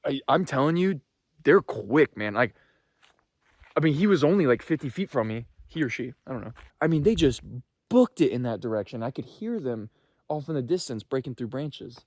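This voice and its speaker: Animated man breathless after a wildlife scare. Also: medium pitch, normal speed, no echo, clean studio sound. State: shaken, heart racing. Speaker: vlogger. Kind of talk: excited casual vlog talk. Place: outdoors in the woods. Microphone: handheld phone.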